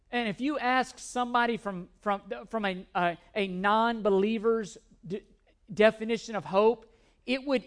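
A pastor preaching a sermon in an emphatic way, repeating key words for stress, with self-deprecating humor. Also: mid-range voice.

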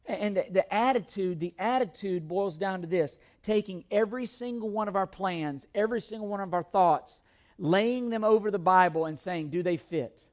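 A man's voice: sits high, moderate pace. A man preaching a sermon, reading scripture aloud and explaining it in an earnest, emphatic way, often restarting and repeating words. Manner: reads scripture aloud between comments.

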